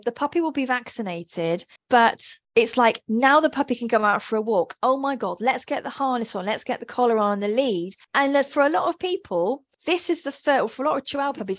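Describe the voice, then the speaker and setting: A woman's voice: fairly high pitch, no room sound. Chatty woman giving advice. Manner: chatty, emphatic, with tag questions. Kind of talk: casual podcast advice.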